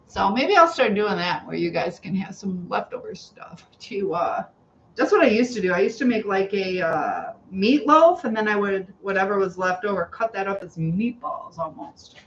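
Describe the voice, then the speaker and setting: Woman, chatty livestream cook, home kitchen, slightly dull sound, faint hiss. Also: medium pitch. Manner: chatty, rambling, greets viewers, laughs often. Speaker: cooking livestream host. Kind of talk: casual chat while cooking.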